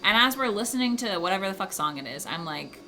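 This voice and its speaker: Giggly, animated woman streamer. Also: medium pitch, quick pace, a little hiss or hum. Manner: giggly, animated, casually swearing. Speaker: livestream host. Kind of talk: casual livestream chat with viewers. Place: home.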